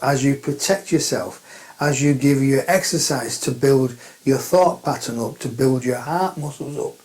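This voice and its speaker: Casting: male spiritual teacher, direct and emphatic, repeats his points, mellow tone. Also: medium pitch, rough recording. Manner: plain-spoken, emphatic, repeats phrases. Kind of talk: spiritual talk to camera.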